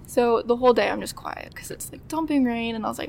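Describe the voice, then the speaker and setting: A woman's voice: a little high, fast, vocal fry, a little mellow, a little hiss or hum. A woman in her twenties telling a story as a podcast guest, chatty and often acting out what people said. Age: 20s. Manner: chatty, acts out quoted dialogue, laughs often. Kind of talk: casual storytelling.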